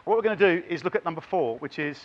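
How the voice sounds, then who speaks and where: A middle-aged man giving a lively, chatty conference talk and directing the audience. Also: a little high, fast talker, highs cut off. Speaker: conference plenary speaker. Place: large conference hall.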